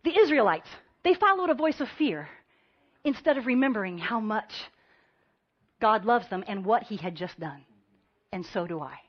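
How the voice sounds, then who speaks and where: A woman preaching a sermon, telling stories with lively energy and acting out the voices of the people in them. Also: mid-range voice, moderate pace, pauses often, muffled recording. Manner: animated storytelling, acting out voices of the crowd.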